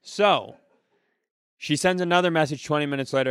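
A man on a comedy podcast telling a long story casually, animated and profane, laughing at his own punchlines. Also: fairly high pitch, moderate pace, pauses often, clean tone, no room sound, studio quality. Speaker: podcast co-host.

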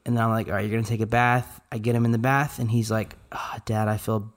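A man in his thirties, co-hosting a podcast, telling a family story in a relaxed, matter-of-fact way with dry asides. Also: lowish voice, fast. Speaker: podcast co-host. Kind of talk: casual storytelling.

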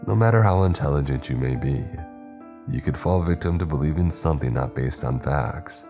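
A man voicing a calm, grave male priest who speaks in a measured, solemn way. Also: a bass voice, over music.

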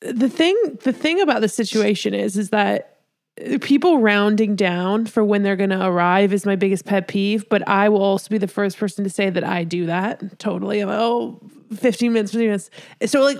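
A woman's voice: mid-range voice, fairly quick, dry recording, clean studio sound. A young woman co-hosting a casual podcast, reacting emphatically and swearing casually. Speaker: podcast co-host. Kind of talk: casual chat.

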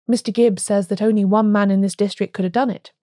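A woman reading as a grim, rather nervous village doctor who speaks in a low, measured voice. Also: steady tone, mellow, no room sound, clean studio sound, lightly acted. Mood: grave.

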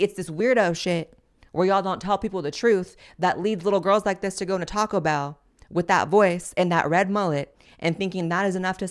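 Young woman host, low-pitched, brash and profane commentator. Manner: crude, sassy, profane. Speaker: podcast host. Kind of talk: blunt commentary on social media clips.

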